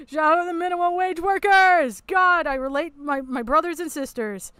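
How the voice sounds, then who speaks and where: A woman streamer giving crude, mocking commentary on a video and bursting into loud laughter. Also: very high-pitched, normal speed, no room sound. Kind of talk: casual commentary.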